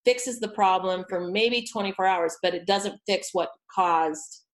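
A woman voice coach chatting on a podcast, telling lively stories and acting out what she said to clients. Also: mid-range voice, measured pace, rough recording. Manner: animated storyteller, acts out quotes. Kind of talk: casual podcast chat.

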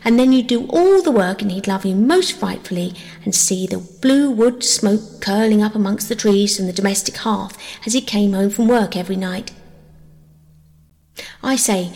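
A woman voicing a thoughtful, grown-up-minded older girl in a storybook reading, earnest in manner, with a gravelly tone and long reverb. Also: mid-range voice, a little mellow, close to an everyday voice.

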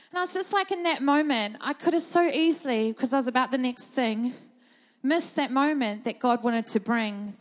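A woman preaches from the front, her voice riding high. She tells personal stories in an easy, conversational way, then presses her points with urgent, rising emphasis. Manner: passionate, storytelling, builds to urgent emphasis. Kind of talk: sermon.

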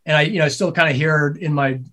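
Animated, cursing man telling a story. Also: a little high, fast. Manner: animated, swears freely, laughs while telling stories. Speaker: podcast guest, business co-owner. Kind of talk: casual storytelling conversation.

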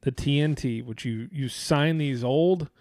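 A man's voice: mid-range voice, measured pace, darkish tone, no echo. A man co-hosting a casual chat, rambling and profane, often restarting his sentences.

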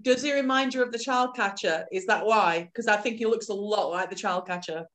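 A woman's voice: mid-range voice, fairly quick, fairly bright tone. A woman co-hosting a podcast, chatting bluntly about a film and swearing casually. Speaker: podcast co-host.

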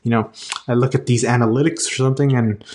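A man's voice: mid-range voice, fairly even intonation, fast, a little mellow. A man chatting casually as a podcast host, rambling with lots of fillers and restarts. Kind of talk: casual chat.

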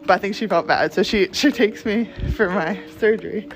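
Woman, casual storytime, keeps laughing mid-sentence, swears freely, middle-pitched voice, faint music underneath. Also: normal speed, rough recording. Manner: animated, laughing often, swearing.

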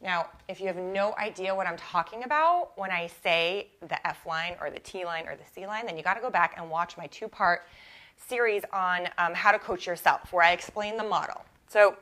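A bright-toned young adult woman talks through a coaching lesson in a loose, conversational way. She is animated and chatty, sprinkles in "like," and corrects herself mid-sentence as she goes. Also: fairly low pitch, moderate pace. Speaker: life coach and podcast host. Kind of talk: casual solo podcast teaching.

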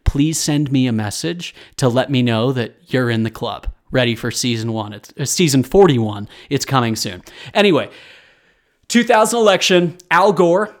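A young man in his twenties talks through a history podcast in a loose, rambling way. He is chatty and corrects himself mid-sentence. He sounds a little tired, as if recording late at night. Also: medium pitch. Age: 20s. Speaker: podcast host. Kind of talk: casual history podcast talk.

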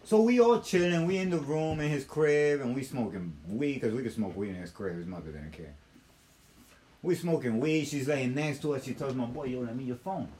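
A young man hosting a casual talk show, telling stories in an animated, profane style. His voice sits at a middling pitch and has an unpolished, conversational feel. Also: moderate pace, a little hiss or hum. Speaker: host. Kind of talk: casual storytelling.

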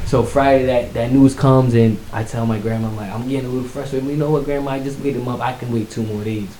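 A man casually telling his life story in conversation, animated, acting out what others said. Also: fast talker, hardly any pauses. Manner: animated, acts out quotes with rising pitch. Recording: echoey room with faint hiss.

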